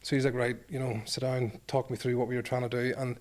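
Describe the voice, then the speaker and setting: A former rugby player from Northern Ireland, in his forties, delivers a long interview anecdote, playing down his own part and acting out the quoted lines. He's a fast talker with a medium-pitched, level-toned voice.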